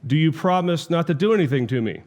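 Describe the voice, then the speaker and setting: A man's voice: fairly high pitch, lively intonation, quick pace, darkish tone. A thirsty, timid girl from a storybook asks her questions hesitantly and politely, as a male lecturer reads her lines. She sounds careful and unsure.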